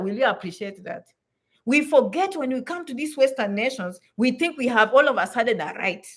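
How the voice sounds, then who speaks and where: A high-pitched woman speaks straight to her viewers. She is blunt and emphatic, and she drives each point home by saying it again. Her tone is that of a vlogger handing out frank advice. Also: expressive, fairly quick. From Africa. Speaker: vlogger giving advice to immigrants. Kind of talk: direct-to-camera advice talk.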